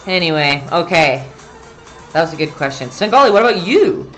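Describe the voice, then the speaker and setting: A woman's voice: low voice, lively intonation, normal speed, fairly bright tone, soft background music. A woman hosting a casual painting tutorial livestream, chatty, reading viewer comments aloud and breaking off mid-sentence. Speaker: painting instructor and livestream host.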